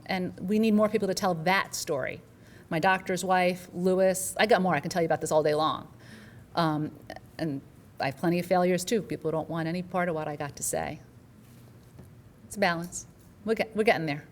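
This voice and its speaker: A woman's voice: lowish voice, slight background noise. A middle-aged woman, a physician, earnestly telling an audience about a patient and acting out the dialogue. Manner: earnest storytelling with quoted dialogue. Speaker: physician speaker.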